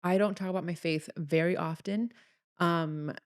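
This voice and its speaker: A woman's voice: fairly low pitch, steady tone, moderate pace, no room sound, studio quality. A young woman hosting a solo podcast, telling a personal story in an earnest, chatty, confessional way. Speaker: podcast host.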